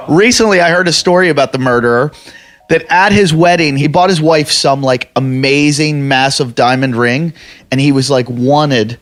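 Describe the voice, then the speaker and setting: Guy hosting a podcast, swears a lot, a little high-voiced, acts out the yelling. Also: normal speed. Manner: profane, animated, acts out other people's shouting. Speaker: podcast host. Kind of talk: casual storytelling chat.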